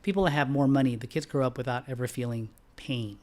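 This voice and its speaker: A middle-aged bank founder talks fast on a podcast, telling stories in a casual, animated way. He often clears his throat and breaks into sharp, high-pitched outbursts whenever he acts out quotes.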